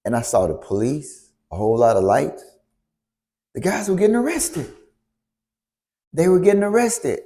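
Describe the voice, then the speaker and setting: A man telling a story to a church youth group, animated, stopping to ask the audience questions. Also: a little high. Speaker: youth speaker.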